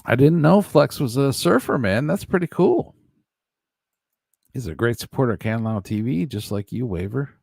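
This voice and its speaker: A man's voice: mid-range voice, expressive, normal speed, gravelly, a little mellow, dry recording, studio quality. A man hosting a casual live stream, reading chat aloud, joking and laughing often. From United States. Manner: laughs often, jokey, plays silly voices for chat.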